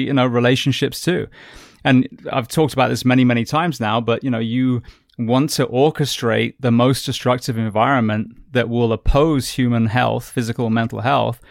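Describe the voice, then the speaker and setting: A man hosting a podcast, speaking in a measured, reflective way, building a point in long runs. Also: medium pitch, gravelly, no room sound, clean studio sound. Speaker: podcast host. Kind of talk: podcast conversation.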